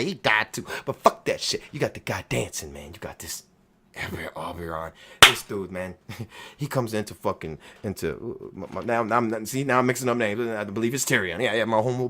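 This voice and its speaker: A man hosting his own video, talking in an excited, profane rant and often shouting and laughing. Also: sits high, slight background noise. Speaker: video host.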